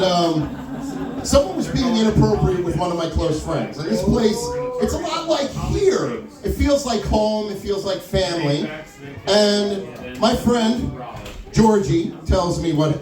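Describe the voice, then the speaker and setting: A man performing stand-up, telling a story in an animated way and acting out the other people's lines. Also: high voice. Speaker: stand-up comedian. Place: small wine lounge stage. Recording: echoey room with mic far off, crowd audible. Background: audience laughter and crowd chatter.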